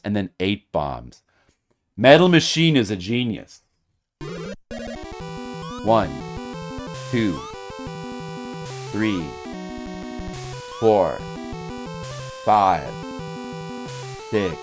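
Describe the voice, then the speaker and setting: Man, gameplay streamer, low voice, slow and lively, game music behind, mock-dramatic. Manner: mock-dramatic, swings between loud hype and muttered whispers. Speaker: streamer playing a retro game. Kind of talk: casual gameplay commentary. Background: video game music.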